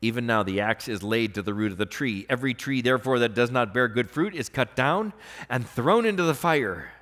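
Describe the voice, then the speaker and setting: A man preaching a sermon as pastor, earnest, swinging between emphatic raised passages and quiet, softly spoken stretches. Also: medium pitch, animated, a little fast. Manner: earnest preaching, rising to emphatic bursts then dropping soft.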